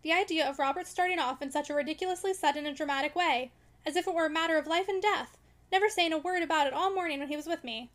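A hurt young wife, as a woman reader puts her on, speaks in a fairly high, quick voice, indignant and pleading. Her lines come from an audiobook of a classic novel. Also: natural voice. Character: restless young wife, hurt and sharp-tongued.

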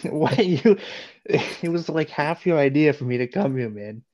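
A man's voice: a little high, animated, measured pace, darkish tone. A man co-hosting a podcast, chatting in a laid-back, easygoing way with lots of laughing banter. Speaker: podcast co-host. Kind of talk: casual podcast chat.

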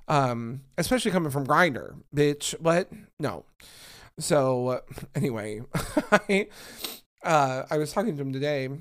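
A man hosting a podcast alone, chatting casually in a sassy, animated way and sounding tired. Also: fairly high pitch, clear, resonant tone. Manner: sassy, animated storytelling with swearing. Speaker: podcast host. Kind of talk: casual solo chat.

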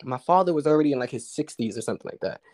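A man, a guest poet, telling a story in a relaxed, candid way with slang and the odd swear word. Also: medium pitch, rapid-fire. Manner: relaxed, candid, uses street slang and profanity. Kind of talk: casual conversational storytelling.

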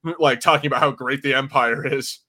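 A man talking casually on a podcast, his voice bright and forward. He rambles, circling back and restarting his sentences. The tone is an easygoing review chat. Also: medium pitch, fairly even intonation, a little fast. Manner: rambling, lots of fillers and restarts. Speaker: podcast co-host.

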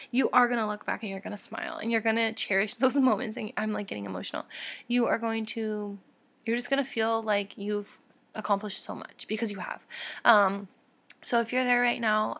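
A young adult woman hosting her own podcast, talking candidly and warmly to listeners with soft laughs and fillers. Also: medium pitch, creaky. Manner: heartfelt and encouraging toward listeners. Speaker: podcast host. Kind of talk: casual solo podcast talk.

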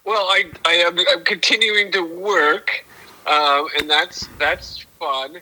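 A man's voice: sits high, fairly even intonation, slow pace, bright, forceful tone. A man calling in by telephone as podcast co-host, talking casually in a hesitant, stammering way with dry humor. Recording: tinny telephone line.

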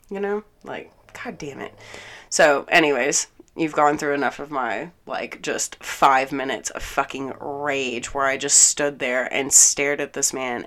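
A young woman with a low, dark-pitched voice tells a story in a casual vlog. She is angry and exasperated, swears often and acts out each side of an argument with lively energy. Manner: animated, swears a lot, acts out both sides of the argument.

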